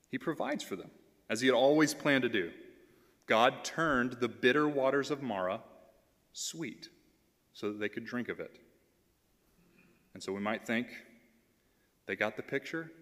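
A man delivers a sermon in an earnest, steady way, reading scripture aloud and repeating key phrases for emphasis. His voice sits in a middle register. A long reverb tail from a church sanctuary trails after each line. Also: medium pitch. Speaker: pastoral intern.

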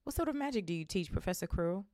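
A woman's voice: lowish voice, expressive, rapid-fire, a little mellow, dry recording, clean studio sound. A woman reading aloud, voicing a polite, curious young boy.

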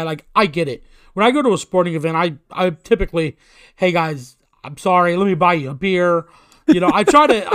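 A man telling a long story in casual, profane chat, poking fun at himself and getting more animated as it goes. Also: on the high side, dry recording, studio quality.

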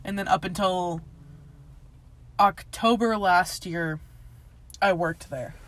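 A woman's voice: lowish voice, slow pace, slight background noise. A young woman casually telling a personal story, rambling with lots of filler words, laughing often and swearing. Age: young adult. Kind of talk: casual chat.

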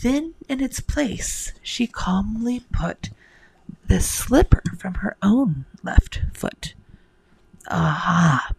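A woman's voice: medium pitch, gravelly, darkish tone, slightly rough, no echo, low-quality recording. A woman telling a rhymed bedtime story to the listener in a whispered role-play.

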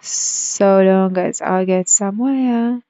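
A woman's voice: medium pitch, slow, dark tone, no echo, lightly acted. A woman voicing a polite, earnest young girl in a storybook reading, on a dull lo-fi recording.

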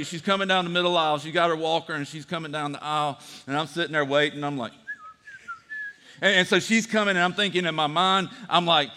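A pastor preaching a sermon, a man who tells animated stories and acts out the voices of people he quotes. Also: high-pitched. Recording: church hall reverb.

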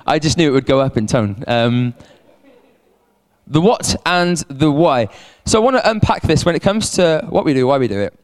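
A man preaching a sermon as a pastor, animated, repeating words and calling on the congregation to respond. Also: a little high, normal speed. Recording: long hall reverb.

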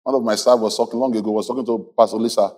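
A man preaching a sermon as a pastor, animated, laughing often and calling on the congregation to repeat after him. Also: on the low side, racing. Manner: animated preaching with call-and-response and frequent laughter.

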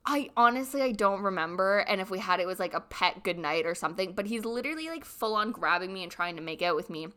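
A young woman in her twenties casually telling a dating story, animated and full of "like", acting out the other people's voices. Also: medium pitch, fast, few pauses, clean tone. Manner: animated, says "like" constantly, acts out voices.

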